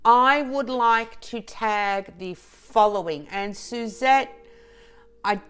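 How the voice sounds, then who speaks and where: A woman vlogger chatting to camera, slow and halting with restarts and soft laughs, teary and emotional. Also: fairly high pitch, clean tone. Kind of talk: emotional casual chat to camera.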